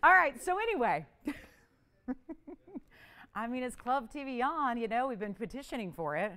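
A woman hosting a live jewelry shopping show, pitching items in chatty, joking, upbeat patter. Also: lively intonation, moderate pace, pushed and bright. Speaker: shopping channel host.

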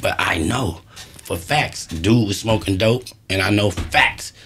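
A man's voice: fairly low pitch, measured pace, fairly bright tone, a little hiss or hum. A man, emphatic and laughing often in a casual podcast chat, swearing freely. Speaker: guest.

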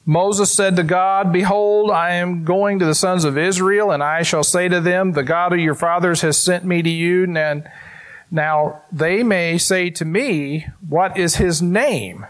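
A man preaching a sermon in church, reading scripture aloud in an emphatic way and talking directly to the congregation. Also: high-pitched. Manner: slow, emphatic, talks to the congregation. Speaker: pastor.

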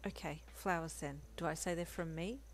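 A woman voicing a cheerful, bashful young male hero who talks softly and eagerly, in a storybook reading. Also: low voice, normal speed, a little hiss or hum, natural voice. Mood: affectionate. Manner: soft, eager and sweet.

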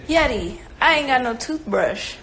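A woman's voice: sits high, animated, unhurried, a bit bright, slight background noise. A young woman chatting casually on a livestream at home, rambling and swearing freely as she reads viewer comments aloud. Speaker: singer on a livestream. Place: home, indoors. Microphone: phone.

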